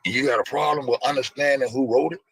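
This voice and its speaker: A man hosting a reaction video, talking casually over clips and firing off preachy rhetorical questions in a raspy voice. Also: medium pitch, fairly even intonation, fast talker, a bit bright, no echo, rough recording.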